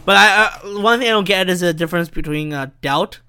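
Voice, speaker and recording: High, bright-voiced rambling young man. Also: brisk, clear, resonant tone. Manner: rambling, profane, self-interrupting. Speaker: podcast host. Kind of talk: rambling solo podcast monologue.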